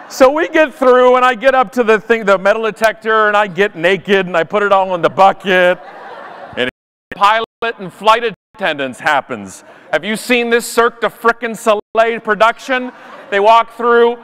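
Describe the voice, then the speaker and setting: A man giving an animated, self-deprecating comic talk at a conference. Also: high voice, moderate pace, smooth, in a large hall. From Canada. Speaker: conference speaker. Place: conference stage.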